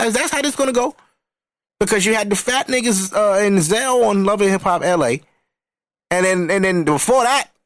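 A man on a comedy podcast, ranting crudely and rambling about reality TV, often jumping into excited outbursts. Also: sits high, no echo, clean studio sound. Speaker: podcast co-host or guest. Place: podcast recording setup.

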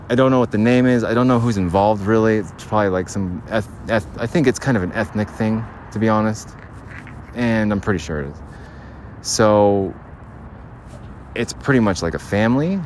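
A man with a fairly low, darkish voice records a rambling solo episode of his podcast while walking outdoors, ranting bluntly and swearing in a casual way. There's a little hiss or hum.

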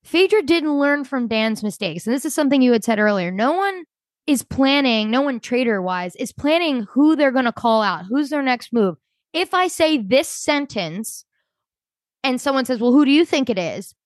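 A woman co-hosting a podcast, talking fast and animated and often acting out what people said. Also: high voice, no echo. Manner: animated, quick, quotes people in character. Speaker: podcast co-host. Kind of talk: casual chat.

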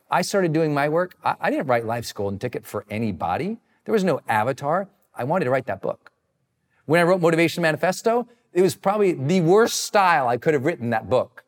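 A man giving a motivational talk and answering audience questions, energetic and emphatic, swinging his pitch wide for emphasis. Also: in a large hall. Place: live session with friends present.

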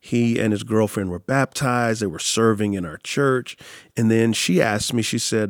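A man's voice: on the low side, moderate pace, no echo, clean studio sound. A man who is a pastor, telling stories in an interview and acting out the quotes in them. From San Antonio, Texas. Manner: animated storyteller, acts out quotes. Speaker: pastor and author. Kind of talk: storytelling in an interview.

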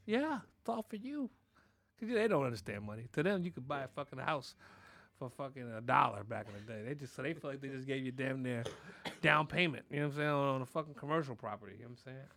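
A man hosting a podcast, telling a crude, animated comic story about his family and peppering it with "you know what I'm saying.". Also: mid-range voice, fast talker, gravelly, no room sound. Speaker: podcast host.

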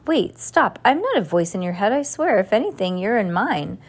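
A woman's voice: mid-range voice, big pitch swings, normal speed, breathy edge. A woman reads the part of a bold young girl from the future. She speaks firmly and bluntly, exasperated with anyone who rambles. It sounds like a storybook read aloud to listeners. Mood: firm, urgent. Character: bold, impatient young girl time traveler.

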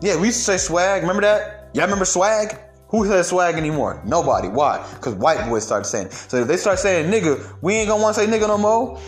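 A man's voice: high-pitched, a little fast, hardly any pauses, soft background music. A young man delivering a heated, profane rant of social commentary, emphatic and blunt.

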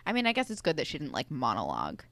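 A woman's voice: deep voice, wildly swooping pitch, rapid-fire, fairly bright tone, no room sound. A young woman co-hosting a podcast, giving opinionated, chatty takes on a TV episode with plenty of filler. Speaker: podcast co-host. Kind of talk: casual chat recapping a TV episode.

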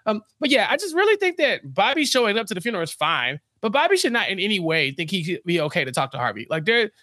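A man co-hosting a podcast in casual chat, animated and acting out characters' lines as he recaps an episode. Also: high-pitched, fast talker, dry recording, studio quality. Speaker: podcast co-host.

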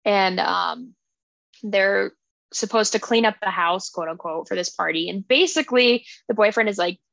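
A woman's voice: medium pitch, normal speed, creaky, a bit bright, dry recording, rough recording. A woman hosting a book club podcast, casually retelling a plot in a rambling, filler-heavy way.

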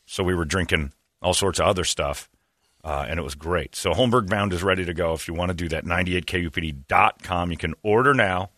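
This morning radio host is a man with a low-pitched, bright voice who speaks briskly and forcefully. He shares casual, self-deprecating stories and imitates the people he quotes, captured in clean studio sound without any room noise.

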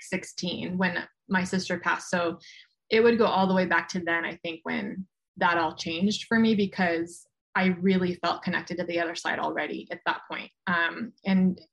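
A woman in her forties, a guest on a talk show, telling her story in a chatty, animated way and acting out what others said. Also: fairly low pitch. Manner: chatty, animated retelling with quoted voices. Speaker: guest, medium. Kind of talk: casual storytelling interview.

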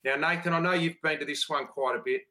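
Bright-voiced Australian man telling stories. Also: on the high side, fairly even intonation, quick pace, poor audio. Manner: storytelling, enthusiastic, laid-back. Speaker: podcast host. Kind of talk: casual chat.

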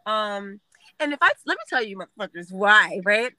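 A woman's voice: medium pitch, normal speed, no room sound, low-quality recording. A young woman telling a story bluntly, with plenty of swearing. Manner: blunt, profane, animated. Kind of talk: casual storytelling.

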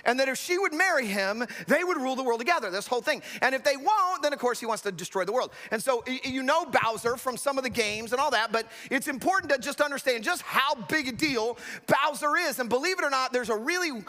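A man's voice: very high-pitched, lively intonation, fast, hardly any pauses, sharp tone, in a large hall. A man preaching a sermon, with earnest, emphatic storytelling. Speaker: pastor.

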